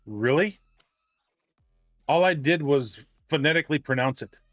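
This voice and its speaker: A man's voice: fairly high pitch, animated, unhurried, fairly bright tone, no echo, studio quality, faint music behind. A man chatting casually with his livestream audience, rambling and poking fun at himself as he trips over words. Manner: chatty, self-deprecating, stumbles over words. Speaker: game streamer. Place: home streaming setup.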